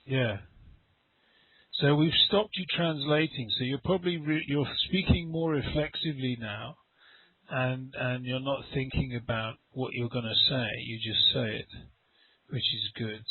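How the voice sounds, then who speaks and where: A man's voice: medium pitch, measured pace. A middle-aged man, a teacher who talks in a rambling way, repeats words and acts out little dialogues during an online lesson. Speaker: English teacher. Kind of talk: conversational online English lesson. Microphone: video call. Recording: dry, tinny call audio.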